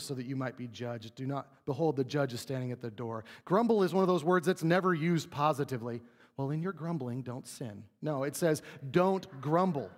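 Man preaching in a reverberant hall. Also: on the high side. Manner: conversational, asks the room "right?". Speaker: pastor. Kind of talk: sermon.

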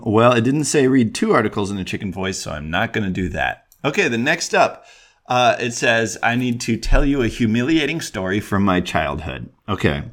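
A man's voice: lowish voice, a bit bright. A man hosting a solo podcast from his desk, rambling and self-deprecating with lots of ums and restarts. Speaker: podcast host.

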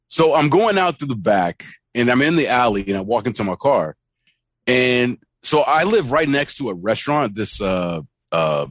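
A male podcast co-host telling a funny anecdote in a lively, up-and-down voice. He acts out other people's lines as he goes. The sound is close and dry, with no room echo. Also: medium pitch. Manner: animated storytelling, acts out quoted voices. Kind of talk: casual chat.

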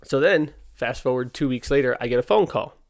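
A man's voice: medium pitch, lively intonation. A young man, a podcast host, telling a story in casual, candid talk, exasperated, and acting out the dialogue. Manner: candid, exasperated, acts out dialogue in quick quotes. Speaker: podcast host, skate park owner.

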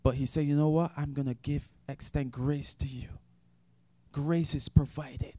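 A man preaching an impassioned sermon, swinging between shouted praise and hushed, quiet passages. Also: mid-range voice, level tone, brisk, dry recording.

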